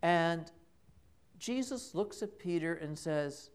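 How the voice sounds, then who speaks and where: Priest giving a homily, male, slightly high voice, lively intonation, slow measured delivery, storyteller's knack for repetition. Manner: conversational, dramatic storytelling with emphatic repetition. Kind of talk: sermon. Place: church. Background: congregation.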